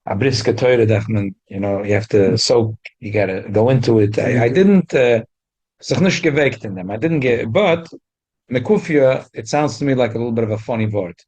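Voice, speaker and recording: A man's voice: medium pitch, moderate pace, a little mellow. Guy giving a talmud class, trips over his words, jumps up when he stresses a point. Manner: frequent stumbling restarts, rising emphatic jumps. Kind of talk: Talmud lesson.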